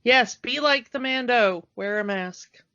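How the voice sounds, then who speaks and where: A woman's voice: a little high, a little slow, pushed and bright, no room sound. A woman co-hosting a nostalgic podcast in casual chat, hesitant and full of fillers. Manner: hesitant, lots of fillers, laughs easily. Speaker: podcast co-host. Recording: dry, dull lo-fi podcast mic.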